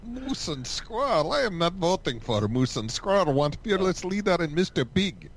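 A man putting on a cartoonish Russian spy voice, shouting in broken English. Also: sits high, sing-song, normal speed, a little hiss or hum, voice pushed up. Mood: demanding.

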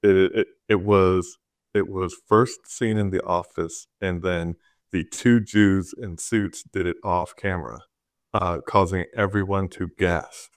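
A man's voice: deep voice, fairly even intonation, unhurried, no room sound. A man co-hosting a casual podcast, telling jokes and laughing through his stories. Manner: dry joking, laughs mid-story. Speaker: podcast co-host. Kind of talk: casual chat.

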